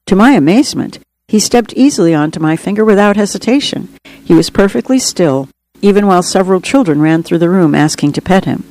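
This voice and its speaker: A woman's voice: on the low side, lively intonation, a little fast, darkish tone, low-quality recording. A woman author reading her own book aloud in an earnest, reflective first-person storytelling manner. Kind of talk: audiobook reading.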